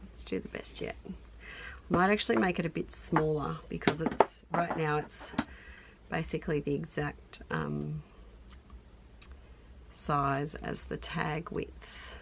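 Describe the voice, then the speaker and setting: Unhurried Australian crafter, middle-aged, gravelly tone, chatty and self-amused as she thinks aloud. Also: deep voice, lively intonation, noisy background. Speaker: craft YouTuber. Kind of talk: casual crafting narration.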